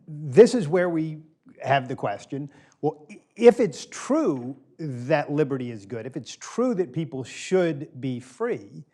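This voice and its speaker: A man's voice: a little high, warm tone. A middle-aged man giving a conversational lecture to a small group, polling the audience and repeating key phrases for emphasis. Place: small room with a live audience.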